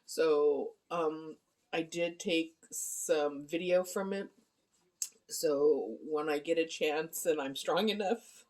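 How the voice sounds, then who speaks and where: A middle-aged woman with a deep, low voice talks into a handheld phone camera at home. She speaks softly and haltingly, pausing on ums and apologizing often, in a casual personal update. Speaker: vlogger giving a personal update. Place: at home, indoor living room.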